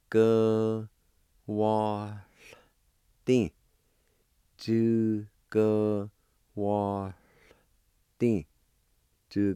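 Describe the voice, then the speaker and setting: Guy teaching words real slow and patient, kinda low voice, dry close mic. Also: darkish tone, clear, resonant tone, no echo. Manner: slow, patient, repeats each word. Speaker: language teacher. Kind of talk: slow spelling and pronunciation lesson.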